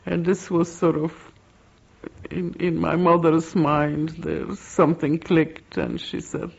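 An older woman from Poland, giving oral history testimony in an interview, speaking in a slow, halting, reflective way. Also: low-pitched, vocal fry, a little mellow, slightly rough. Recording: dull lo-fi recording.

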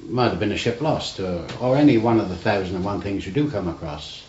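A man's voice: lowish voice, fairly quick, darkish tone. An older man, a navy veteran, telling rambling stories in an oral history interview, often adding "you see". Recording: roomy, dull archival tape with faint hiss.

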